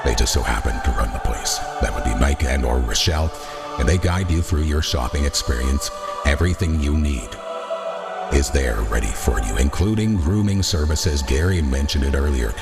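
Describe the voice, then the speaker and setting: A man putting on the voice of a calm, deep-voiced older male celebrity narrator to read an ad for a pet store. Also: normal speed. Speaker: ad reader. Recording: loud music bed behind the voice.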